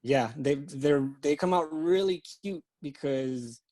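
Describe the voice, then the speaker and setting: A man who is a guest on a podcast, talking reflectively in a halting way with many restarts. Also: a little high, a little mellow, dry recording. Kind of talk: casual interview chat.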